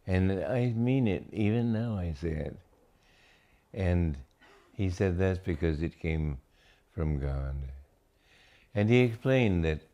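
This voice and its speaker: An older man, a spiritual teacher, giving a reflective talk on scripture, slow and deliberate with many pauses between phrases. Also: deep voice, dark tone.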